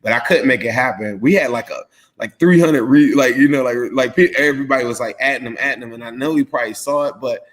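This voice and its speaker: A man's voice: medium pitch, fast, a bit bright. A man co-hosting a casual sports talk show, tired from jet lag, rambling and leaning on "like" as he talks. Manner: rambling, heavy use of "like". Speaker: podcast co-host.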